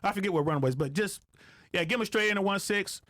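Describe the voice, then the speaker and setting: A man's voice: high-pitched, fast, no echo, clean studio sound. A man, a podcast guest who works as an air traffic controller, telling stories casually with lots of swearing and acting out radio calls. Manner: profane, animated, acts out radio calls.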